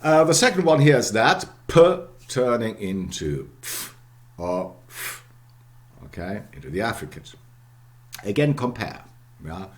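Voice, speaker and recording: Deep-voiced man lecturing slowly. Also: animated. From Germany. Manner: repeats words for emphasis, frequent "okay" and "yeah" checks. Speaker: university lecturer. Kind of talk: academic lecture.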